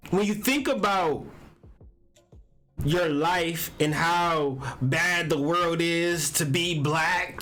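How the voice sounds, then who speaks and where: A man's voice: fairly high pitch, a bit bright. A man hosting a spiritual astrology and tarot video, talking casually in a meandering, emphatic way with casual swearing. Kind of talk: casual spiritual talk to camera.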